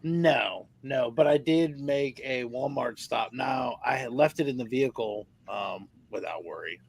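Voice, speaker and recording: Gravelly laid-back man chatting. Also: medium pitch, a little slow. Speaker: panelist. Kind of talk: casual chat.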